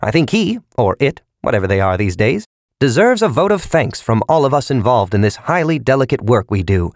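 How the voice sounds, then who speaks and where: A man's voice: medium pitch, big pitch swings, brisk, dry recording, clean studio sound, pitched above the performer's own voice. A man voicing a cheerful, oozing middle-aged male fly operator who rambles on eagerly like a salesman.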